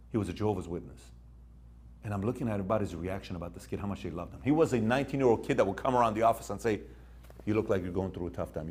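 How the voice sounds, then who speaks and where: Deep, a little mellow, and husky, this man's voice carries a motivational talk. He delivers punchy stories and keeps asking his audience questions.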